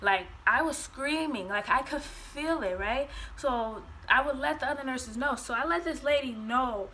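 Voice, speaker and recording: A woman's voice: high-pitched, moderate pace, bright, forceful tone, a little hiss or hum. A young woman telling a personal story in a casual vlog, acting out quotes and swearing freely. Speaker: vlogger.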